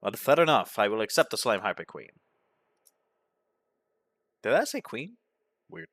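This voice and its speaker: Dude reading game text out loud, deadpan, dry close mic. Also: male voice, on the low side, measured pace, no echo. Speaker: gaming commentator. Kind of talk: game playthrough commentary.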